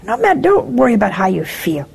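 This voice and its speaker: A woman talks fast in a high, husky, creaky voice that's a little mellow, with wildly swooping pitch. She's a nun hosting a call-in show, casually sharing spiritual talk and folksy forgiveness stories while acting out voices in her anecdotes.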